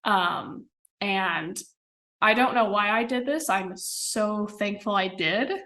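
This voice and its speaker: A woman's voice: medium pitch, slow, sharp tone. A young woman from the American Midwest, a podcast guest talking casually with lots of fillers and little laughs. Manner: chatty, many fillers and laughs. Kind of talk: casual interview chat.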